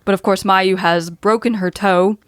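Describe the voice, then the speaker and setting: A woman's voice: medium pitch, fairly even intonation, normal speed, clean tone, no room sound, clean studio sound. A woman hosting a podcast, running through match results in a casual way and laughing often. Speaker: podcast host.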